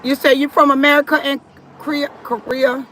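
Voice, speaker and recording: A woman's voice: sits high, flat delivery, a little fast, a bit bright, a little hiss or hum. A woman hosting a live stream, chatting casually with viewers and reading their comments aloud, firm about respect in her chat. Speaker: livestream host.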